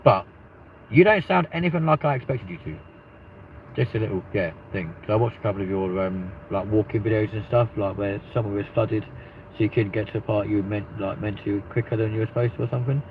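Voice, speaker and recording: A London-accented man with a fairly low voice hosts a live stream, rambling through loose, profanity-laced banter. The recording is muffled and lo-fi, with a faint hiss of noise behind him. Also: brisk. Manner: rambling, swears freely. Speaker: livestream host.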